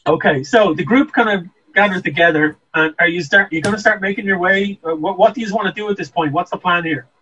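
A man's voice: sits high, quick pace, sharp tone, lo-fi sound, slight background noise. A man narrating a tabletop game as game master, hesitant, with many ums and restarts. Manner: hesitant, lots of ums and restarts, laughs often.

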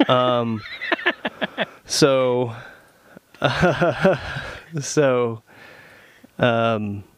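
A man's voice: medium pitch, expressive, extremely slow, smooth. A man co-hosting a podcast, chatting casually, telling sarcastic stories and rambling with plenty of fillers. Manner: joking, sarcastic storytelling. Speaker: podcast co-host. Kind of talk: casual chat.

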